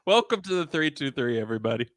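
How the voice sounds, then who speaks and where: A man's voice: mid-range voice, animated, quick pace, no echo, clean studio sound. A young man hosting a sports variety show, chatting casually in a rambling, self-amused way. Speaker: host.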